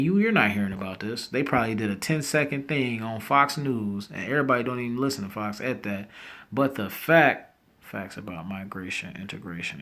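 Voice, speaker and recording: Rambling man reacting to headlines. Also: lowish voice. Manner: reads headlines then reacts with loud disbelief; rambling, self-interrupting, slangy asides. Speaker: news commentary host. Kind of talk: casual commentary reading headlines aloud.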